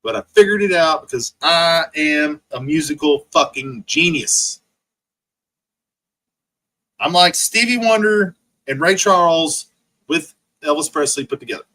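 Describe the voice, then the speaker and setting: A man's voice: fairly high pitch, animated, unhurried, pauses often, pushed and bright, rough recording. A man ranting profanely on his livestream, mocking rivals over and over and answering chat comments. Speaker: livestream host.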